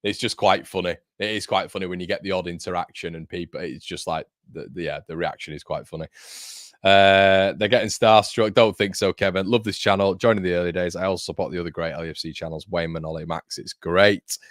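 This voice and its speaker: A man's voice: low-pitched, steady tone, a little fast, a bit bright, dry recording, studio quality. A young man hosting a live fan watchalong, chatting casually and reading viewer comments aloud in a matey way. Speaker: fan channel host. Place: home studio.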